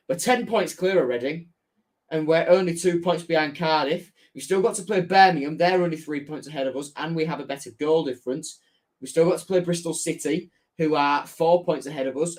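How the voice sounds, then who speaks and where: A young man with a Hull accent hosting a casual football live stream, chatting and reading out viewer messages. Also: a little high. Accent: Hull, Yorkshire. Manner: chatty, reads out chat messages, self-correcting. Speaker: football fan channel host.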